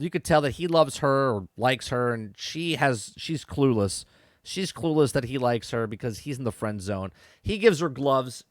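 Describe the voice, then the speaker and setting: A man talks through an episode in a loose, chatty recap, often restarting his sentences and checking in with the listener. His voice sits at an ordinary middle pitch. It is recorded close and dry, with no room sound around it. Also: animated, moderate pace, no room sound. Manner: chatty, repeats words and restarts, frequent "okay?" and "right?" asides. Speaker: podcast host reviewing a TV episode. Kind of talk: casual recap and commentary.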